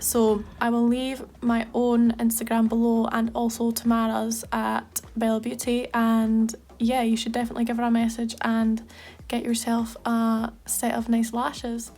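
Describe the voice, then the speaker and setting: Young Scottish woman, makeup artist, chatty and enthusiastic, pitched a touch high. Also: darkish tone. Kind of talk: casual makeup tutorial chat.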